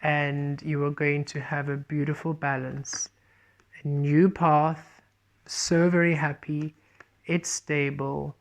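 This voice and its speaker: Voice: medium pitch, level tone, slow pace. An earnest tarot reader with a mid-range voice talks through a spiritual reading. They circle back to the same points again and again. They often pass on guidance as quoted messages from spirit.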